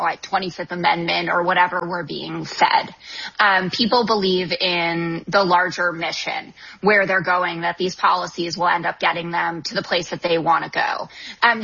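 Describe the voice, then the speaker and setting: A woman in her thirties speaks as a political commentator, assertive and articulate, with a bright, forceful edge to a slightly husky voice. Her pitch sits a little low for a woman. The broadcast sound is dull and lo-fi. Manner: articulate and assertive, frequent "um" fillers. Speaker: guest author and TV political commentator. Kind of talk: call-in interview answers.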